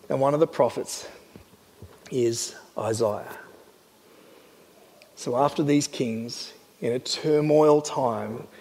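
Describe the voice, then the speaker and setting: Male pastor, slightly high, mellow voice, earnest sermon delivery, hall reverb. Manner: earnest, animated, often voices God in quotes. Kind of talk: sermon teaching.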